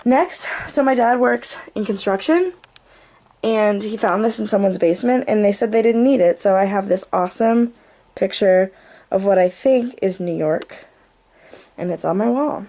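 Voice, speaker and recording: A woman's voice: medium pitch, normal speed, warm tone. A young woman giving a goofy, playful tour of her bedroom for her channel, tossing in jokey asides. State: out of breath. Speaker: vlogger. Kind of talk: casual room tour.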